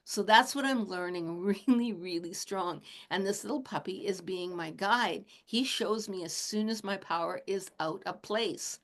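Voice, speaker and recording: A woman in her late sixties, a shamanic teacher, talking in a gentle, casual teaching manner and chuckling often. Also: mid-range voice, a little slow, few pauses. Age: 60s. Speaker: shamanic teacher and animal communicator.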